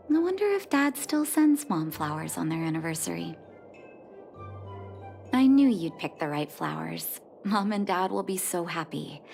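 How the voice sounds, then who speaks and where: Natasha, an earnest young doctor. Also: female voice, mid-range voice, gravelly, darkish tone. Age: young adult. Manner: earnest and heartfelt. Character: caring young female doctor, earnest and warm. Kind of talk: video game voice acting. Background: game soundtrack music.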